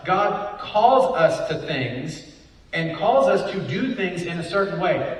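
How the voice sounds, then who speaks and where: A man preaching a Bible study sermon, often asking rhetorical questions and adding "right?". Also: on the high side. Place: church hall. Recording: echoey hall, voice from far off.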